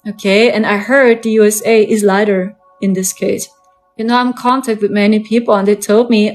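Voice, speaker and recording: Woman, German accent, native German speaker, live-stream host, earnest, repetitive emphasis, mid pitch, faint background music. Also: fairly even intonation, a little fast, darkish tone. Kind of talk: casual live-stream monologue.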